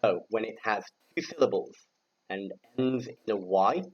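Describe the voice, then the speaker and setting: A man's voice: on the low side, expressive, measured pace, slightly rough, muffled recording. A man from the UK teaching English grammar to learners, speaking patiently, spelling out letters and repeating words for them to say back. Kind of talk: slow, clear classroom instruction for learners.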